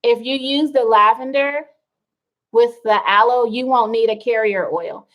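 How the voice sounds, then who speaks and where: A middle-aged woman chats through a wellness livestream at an unhurried, drawn-out pace, her voice sitting a little on the high side. She wanders between topics and answers viewer comments as they come in. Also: muffled recording. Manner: chatty, reads viewer comments aloud, rambling asides. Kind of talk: casual livestream chat.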